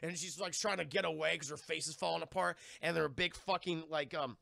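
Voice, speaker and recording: A man with a gravelly, fry-heavy voice recaps a TV episode for his stream chat. His tone is bright and forceful, and the sound is dry and close. He rambles, swears freely and drops into quick impressions of the characters. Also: fairly high pitch, steady tone, no room sound. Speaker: TV review streamer. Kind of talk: casual live-stream recap.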